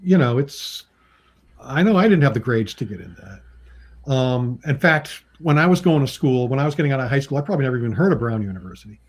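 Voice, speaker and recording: A man's voice: big pitch swings, a little fast. A man, a comic book writer and artist, chatting as a guest and telling anecdotes, often laughing and acting out what people said to him. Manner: chatty, acts out quoted people with pitch jumps; laughs often between remarks. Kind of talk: casual anecdotal storytelling.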